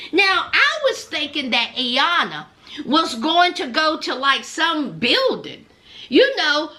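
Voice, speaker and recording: A woman giving a casual recap in commentary. She talks in a sassy, exclamatory storytelling way. Her voice sits high and bright and swoops widely. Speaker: reality TV recap vlogger.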